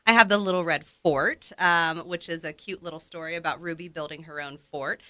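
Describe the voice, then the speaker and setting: A woman's voice: low-pitched, sharp tone, no echo. A woman co-hosting a radio show, chatting in an upbeat way about library books. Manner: upbeat, chatty, quick to laugh. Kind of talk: casual radio chat. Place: radio studio.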